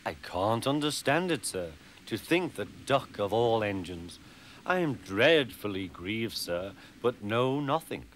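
A man's voice: fairly low pitch, big pitch swings, takes it slowly, fairly bright tone, a little hiss or hum, full character voice. A man voicing a sly, smug diesel engine in a cartoon who speaks with false humility. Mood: falsely sorry. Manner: oily, falsely humble.

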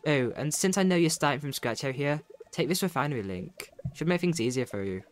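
A man's voice: a little high, expressive, fairly quick, close to an everyday voice. A man reading aloud the lines of a teasing woman rancher who is a rival and mentor, putting on a character voice for game dialogue. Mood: sly. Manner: teasing, casual read-aloud delivery.

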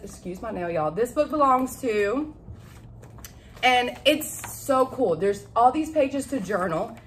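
A young woman with a drawl talks through her shopping haul at home, gushing and excitable. Her voice sits a little high, and she giggles at her own tangled words. A faint hiss of room noise runs under the recording. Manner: chatty and excitable, laughs at her own word slips. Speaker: vlogger showing a shopping haul. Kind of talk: casual chat to camera.

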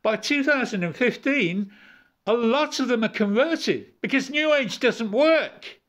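A man's voice: extremely high pitch, animated, a little slow, fairly bright tone. A man preaching an informal, rambling sermon, repeating words and chuckling as he goes.

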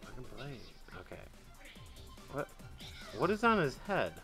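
Gamer host, male, bright and expressive, yelps then mutters, light music behind. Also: medium pitch, unhurried. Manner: excitable, swings from loud yelps to muttered grumbling; swears and trash-talks the game. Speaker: gaming channel host. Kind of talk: casual gameplay commentary.

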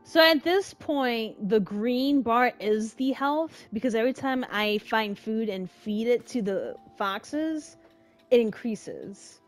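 A young woman giving emotional, dramatic let's-play commentary in casual slang, reacting loudly to what happens in the game. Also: on the high side, expressive, takes it slowly, faint music behind. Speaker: gamer.

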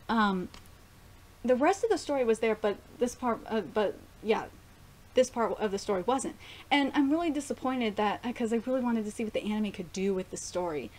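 Excitable young woman reviewing anime. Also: fairly high pitch, moderate pace. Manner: gushing, excitable, swears casually. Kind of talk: casual video review.

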